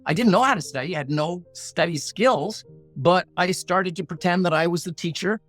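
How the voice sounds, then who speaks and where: A middle-aged negotiation coach, appearing as a podcast guest, tells a personal story in a high, fairly bright voice at normal speed over soft background music. He's earnest, blunt, and plain-spoken, with a punchy motivational delivery, and he acts out his inner voices.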